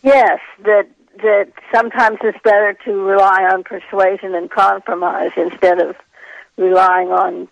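A female voice coach, a guest calling in to a radio show by phone, speaking in a measured, precise way. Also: medium pitch, flat delivery, gravelly, no echo, dull audio. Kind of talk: phone-in interview. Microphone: telephone.

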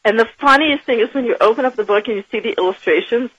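A woman guest on a radio show, an enthusiastic and animated storyteller who laughs often. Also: fairly high pitch, quick pace, breathy edge, no echo, lo-fi sound. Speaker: guest, business author and professor. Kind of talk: radio interview.

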